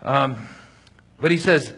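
Husky-voiced man leading Bible study. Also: mid-range voice, takes it slowly, fairly bright tone. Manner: conversational, with frequent restarts and asides. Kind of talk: casual Bible study teaching and reading aloud.

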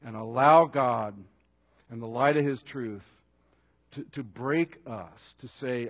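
A man preaching a sermon at an evening service, earnest, building to strong emphasis and then dropping to a hushed, intimate tone. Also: mid-range voice, slow pace, dry recording. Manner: earnest, swings between raised emphasis and quiet intimacy.

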